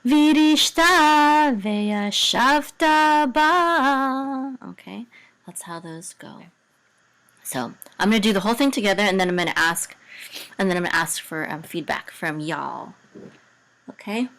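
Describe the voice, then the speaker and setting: A woman teaching biblical Hebrew, explaining patiently with many fillers and soft, quiet asides. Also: lowish voice, a little fast.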